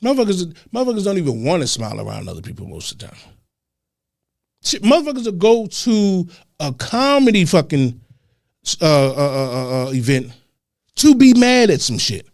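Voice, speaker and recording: A man co-hosting a talk show, ranting with heavy profanity and swinging between loud and soft. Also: a little high, huge pitch swings, brisk, gravelly, no room sound, studio quality. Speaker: podcast co-host. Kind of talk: heated casual talk.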